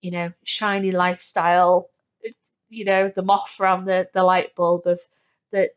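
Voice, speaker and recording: A woman's voice: lowish voice, level tone, a little slow, clean tone. Woman rambling thru her solo podcast, lots of likes and ums, kinda dull lo-fi sound. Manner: chatty, many fillers and restarts. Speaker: podcast host.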